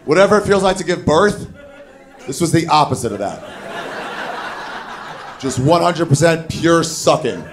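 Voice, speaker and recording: A man doing a stand-up comedy set on a club stage, telling a story with animated, shouted put-on voices. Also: on the high side, moderate pace, pauses often. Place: comedy club stage before a live audience. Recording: live club recording with crowd. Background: audience laughter.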